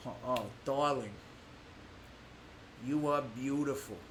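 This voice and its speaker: A man's voice: medium pitch, slow, a bit bright, slight background noise, pitched below the performer's own voice. A man voicing a laid-back New Jersey guy in a put-on New Jersey accent, drawling and easygoing.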